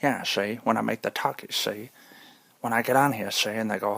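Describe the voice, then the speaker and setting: A man's voice: fairly low pitch, fairly even intonation, normal speed, creaky, fairly bright tone, no echo. A man vlogging in a casual, rambling monologue, joking and drifting off on tangents. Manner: rambling, goes off on tangents, jokey.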